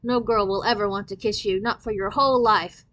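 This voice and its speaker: A woman reading aloud and voicing a strong-willed sixth-grade girl who shouts fierce insults. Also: medium pitch, steady tone, fairly quick, lightly acted. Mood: furious.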